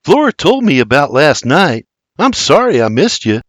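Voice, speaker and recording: A man's voice: fairly high pitch, big pitch swings, moderate pace, no echo, clean studio sound. A man voicing a charming young colonial farmhand who speaks cheerfully.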